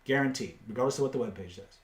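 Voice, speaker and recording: A man hosting a live online webinar, pitching course bundles and rattling off dollar values in a salesy patter. His voice sits at an ordinary pitch and carries a noticeable room echo. He drops blunt, casual asides between the numbers. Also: very fast. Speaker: webinar host and seller.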